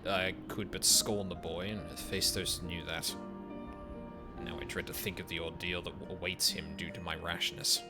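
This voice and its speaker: A brooding ancient sorcerer, solemn and heavy with regret, as a man voices him while reading game dialogue aloud. The voice sits low and speaks in slow, measured lines. Game music plays clearly underneath. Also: little pitch movement, natural voice.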